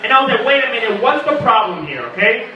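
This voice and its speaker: A young man doing a stand-up comedy set, animated and acting out characters with sudden loud squawks. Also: very high voice, quick pace. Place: small comedy venue at a birthday party. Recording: echoey room, mic at a distance. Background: audience laughter.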